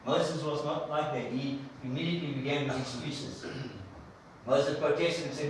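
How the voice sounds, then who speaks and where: A man preaching a conversational sermon, telling the story with lively energy and a somewhat high voice. His voice rings through a very echoey church, with the mic some distance away and a faint background noise. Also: normal speed. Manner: animated storyteller, conversational, acts out quotes.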